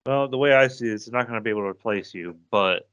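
A man's voice: mid-range voice, fast talker, fairly bright tone, no room sound, dull audio. A man who drives a bus, chatting casually in a laid-back, teasing way. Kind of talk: casual chat.

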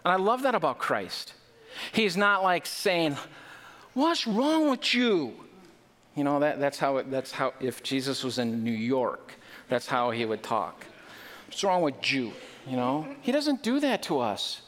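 A man's voice: medium pitch, lively intonation, moderate pace, a bit bright. Man, pastor, conversational sermon, rhetorical questions, church, echoey hall. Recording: reverberant hall.

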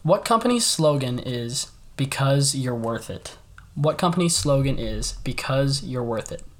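A man hosting a casual trivia game, reading out each question slowly and repeating it. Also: medium pitch, animated, slight background noise. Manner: reads questions twice, slowly and deliberately.

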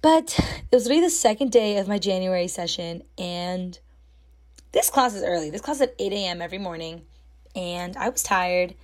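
A young woman telling a story in a casual, chatty way, full of fillers and animated when she quotes people. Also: on the low side, moderate pace. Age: young adult. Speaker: storytime host.

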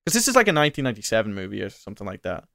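A man's voice: fairly low pitch, wildly swooping pitch, very fast, creaky, bright, forceful tone, dry recording, clean studio sound. A man co-hosting a casual podcast, rambling through a story with lots of fillers and restarts. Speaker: podcast co-host. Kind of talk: casual chat.

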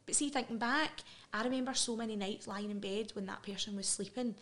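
A woman's voice: mid-range voice, fairly bright tone. A middle-aged Scottish woman, a podcast guest, talking frankly and earnestly about her past in a candid interview. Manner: earnest, frank, quick asides and laughs.

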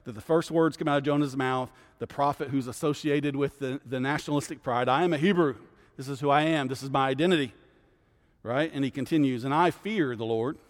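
Male pastor, mid pitch, conversational bible teacher, reverberant hall sound. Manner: conversational, keeps asking "right?". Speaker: guest pastor.

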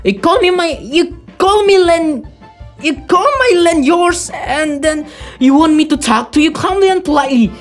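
A man playing a nervous, hypochondriac young suitor who gets agitated and shouts in a quarrel. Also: very high-pitched, sing-song, measured pace, faint music behind, exaggerated voice. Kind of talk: amateur stage play reading.

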